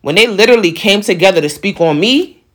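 A man with a New York accent speaks in a voice pitched a little high for a man. He hosts a podcast and talks straight to his listeners in a loose, passionate monologue, leaning on slang and repeating his points for emphasis. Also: animated, a little fast, fairly bright tone. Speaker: podcast host.

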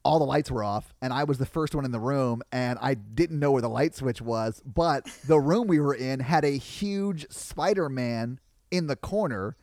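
A young man chatting casually as a podcast guest, telling animated stories and laughing often. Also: medium pitch, normal speed. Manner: animated storyteller, laughs often, yells in punchlines. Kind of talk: casual chat.

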